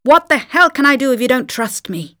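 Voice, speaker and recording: List, continued: a woman doing a furious husband, sharp demands, dry close audio. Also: sits high, expressive, fairly quick, no room sound, voice pushed up. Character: controlling angry husband, adult man.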